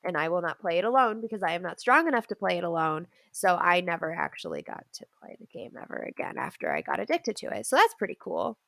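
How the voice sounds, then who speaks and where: Low woman co-host, candid chat, pokes fun at herself. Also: very animated, fast, vocal fry, few pauses, fairly bright tone, no echo. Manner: chatty, candid, self-deprecating. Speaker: podcast co-host. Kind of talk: casual chat.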